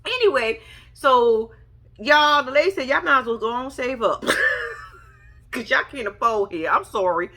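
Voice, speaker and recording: Sassy young woman roasting a reality show, high and bright, swoops all over when she mocks folks. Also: unhurried, long pauses. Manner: sassy, animated, mocking imitations. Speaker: reality TV recap vlogger. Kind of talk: casual recap commentary.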